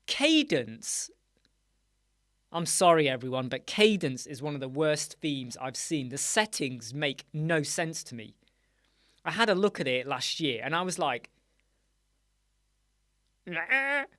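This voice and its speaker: A man hosting a casual live-stream chat show, answering viewers in an animated, chatty way with many fillers and asides. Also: a little high, no room sound, clean studio sound. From United Kingdom. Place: small dark room with sound panels.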